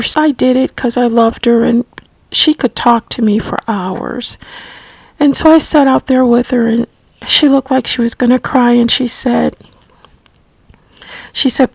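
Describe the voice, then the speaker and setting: A middle-aged woman telling a personal story about caring for her mother, slow and gently reflective. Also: on the high side, creaky, breathy edge, no room sound, low-quality recording. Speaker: family caregiver recounting her mother's illness.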